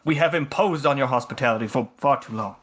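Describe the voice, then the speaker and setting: Male player as a glib, confident grifter, even mid voice. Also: mid-range voice, quick pace, close to an everyday voice. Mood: apologetic. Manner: glib, unflappable. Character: smooth-talking confident male con man, Ledger.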